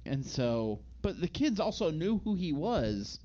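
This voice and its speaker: A man's voice: fairly high pitch, sing-song, a little slow, dark tone, dull audio, a little hiss or hum. A man co-hosting a podcast, recapping a movie in a rambling, casual way and acting out the characters' lines. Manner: rambling, acts out quotes in put-on voices. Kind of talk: casual chat.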